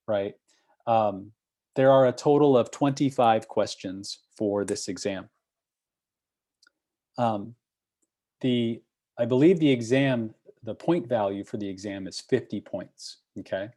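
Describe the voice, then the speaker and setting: The instructor here is a man with a lowish, dark voice, guiding students through an online review session on a computer mic. He encourages them patiently and keeps checking in with "okay?" and "right?"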